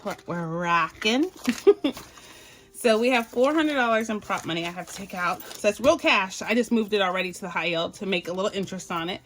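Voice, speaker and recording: A woman's voice: medium pitch, fast talker, hardly any pauses, fairly bright tone. Bajan-born woman vlogging her budget, casual and playful, calls everyone y'all. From Barbados. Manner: chatty and playful, addresses viewers as y'all. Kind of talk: casual chat while counting cash.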